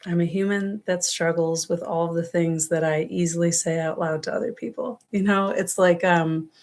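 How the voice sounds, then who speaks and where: A woman's voice: on the low side, fairly even intonation, normal speed, darkish tone. Affectionate New York woman reading tarot. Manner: affectionate, rambling, calls viewers loves and darling. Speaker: tarot reader. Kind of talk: casual live-stream reading. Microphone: webcam or phone on a livestream.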